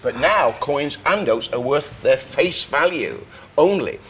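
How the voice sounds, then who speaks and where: An older man explaining science facts on a chat show, animated, breaking into quick impressions of sounds and voices as he goes. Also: fairly high pitch, slightly rough.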